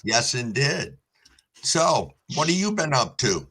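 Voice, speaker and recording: A man with a bright, forceful voice, hosting a casual live stream. He is upbeat and friendly, reading out viewers' greetings from the chat. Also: mid-range voice, very animated, takes it slowly, slight background noise, poor audio.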